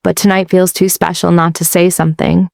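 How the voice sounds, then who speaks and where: A woman's voice: lowish voice, flat delivery, a little fast, vocal fry, darkish tone, dry recording, clean studio sound. A woman voicing a middle-aged mother of the bride, giving a sweet, tearful wedding speech. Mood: tender, sentimental.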